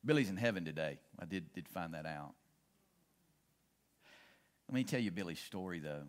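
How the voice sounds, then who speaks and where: In a low-sitting voice at a moderate pace, a middle-aged man preaches as a pastor, weaving in stories and shifting between hushed and excited moments.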